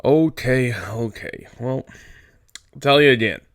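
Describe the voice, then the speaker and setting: A man voicing a small, irritable male ranch hand who scolds in a gruff, exasperated way. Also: medium pitch, normal speed, no room sound, clean studio sound, close to an everyday voice. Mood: scolding.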